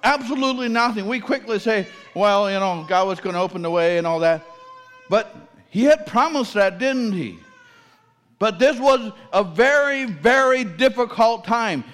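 A man's voice: high voice, lively intonation, moderate pace, fairly bright tone, long reverb tail. A man preaching a sermon, asking his listeners questions and repeating key phrases for emphasis.

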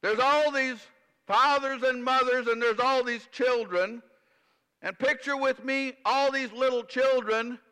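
A man's voice: very high voice, steady tone, measured pace, sharp tone, clear, resonant tone. A man preaching a sermon, often putting questions to his congregation and repeating phrases for emphasis. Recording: long reverb from a large hall.

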